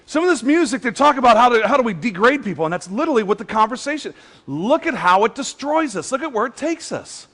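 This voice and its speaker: Animated joking male pastor, high voice. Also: fast talker. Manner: conversational, joking, animated storytelling. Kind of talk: sermon. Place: church sanctuary. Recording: church hall reverb.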